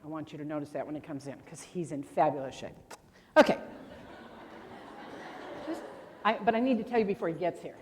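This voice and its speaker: A woman's voice: low-pitched, brisk, long pauses, a little mellow, slight background noise. An older woman presenting grammar at a convention workshop, chatty and quizzing her audience with questions. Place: large convention hall. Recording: long hall reverb.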